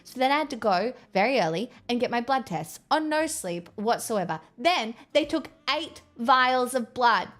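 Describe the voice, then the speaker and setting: A woman's voice: a little high, expressive, moderate pace, hardly any pauses, fairly bright tone. A young woman chatting casually on a live stream, rambling and swearing with exasperated asides. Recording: faint music behind.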